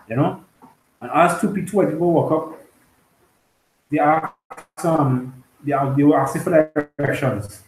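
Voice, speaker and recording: A man in a casual religious group discussion, telling a story haltingly with many fillers and frequent check-ins with his listeners. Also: on the high side, echoey room, low-quality recording. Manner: halting storytelling, many fillers, keeps asking "you understand?". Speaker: discussion participant.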